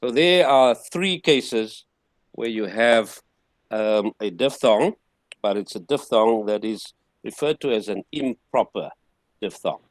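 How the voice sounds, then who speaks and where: A man giving a classroom lecture, explaining slowly and patiently with frequent restarts. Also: lowish voice, expressive, no room sound. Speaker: teacher.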